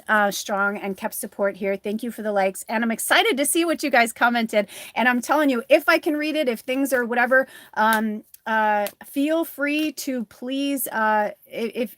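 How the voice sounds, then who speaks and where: A woman's voice: on the high side, no room sound. A woman running a live tarot reading, rambling and encouraging in a casual, chatty way. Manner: rambling, chatty, many fillers; earnest and encouraging to viewers. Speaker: tarot reader and spiritual medium.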